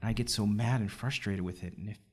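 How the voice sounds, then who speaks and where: Middle-aged male podcast host, low voice, emphatic and coaching. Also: quick pace, a little mellow. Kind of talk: conversational podcast interview.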